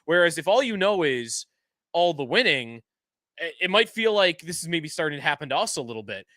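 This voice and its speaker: A man co-hosting a sports podcast in a loose, rambling way, leaning on filler words as he works out his point. His voice sits slightly high. The recording is dry and close. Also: big pitch swings, brisk, pushed and bright, no echo. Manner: rambling and conversational, many "like" fillers. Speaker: podcast co-host. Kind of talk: casual sports talk.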